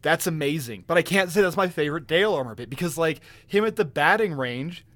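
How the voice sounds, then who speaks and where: A man co-hosting a casual podcast, rambling excitedly with lots of swearing and laughs. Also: a little high, fairly quick, dry recording. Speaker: podcast co-host.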